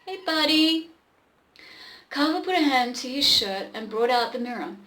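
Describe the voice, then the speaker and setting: A woman's voice: on the high side, animated, fairly quick, fairly bright tone, roomy sound, rough recording. A woman hosting a show, casually reading an old pulp story aloud, with irreverent swearing asides. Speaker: podcast host reading old pulp stories.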